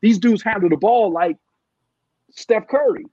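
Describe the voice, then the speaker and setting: Husky middle-aged man, halting sports talk. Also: high voice, animated, warm tone, no echo, dull audio. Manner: halting, with many restarts and fillers. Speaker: guest, former NBA scout. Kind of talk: casual podcast chat.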